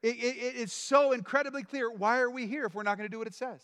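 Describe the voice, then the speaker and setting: A man preaching a sermon in a church hall, swinging between quiet explanation and loud, shouted lines. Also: very high voice, fairly even intonation, quick pace, clean tone. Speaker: pastor.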